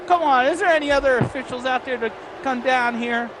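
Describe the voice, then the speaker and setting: An excitable wrestling commentator calling a match play by play, often shouting and swearing. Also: sits high, a little fast. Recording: loud background noise.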